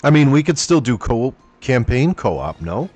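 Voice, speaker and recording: A man hosting a gaming stream, chatting casually in a relaxed, self-deprecating way. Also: mid-range voice, a little slow, soft background music. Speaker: streamer host.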